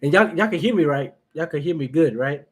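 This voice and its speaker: A man's voice: on the high side, animated, a little fast, slightly rough. A man hosting his first livestream, chatting casually and nervously with viewers, greeting them by name and laughing often. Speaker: livestream reaction host.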